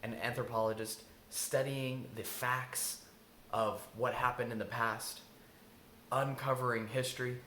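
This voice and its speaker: A man's voice: medium pitch, a bit bright, reverberant, slight background noise. A man giving an earnest self-help talk as an intuitive eating coach, repeating key lines for emphasis.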